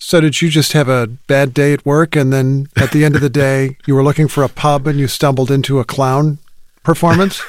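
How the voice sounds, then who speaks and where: A man's voice: medium pitch, steady tone, normal speed, dry recording, clean studio sound. A man interviewing a guest, curious and lightly playful between narrated links.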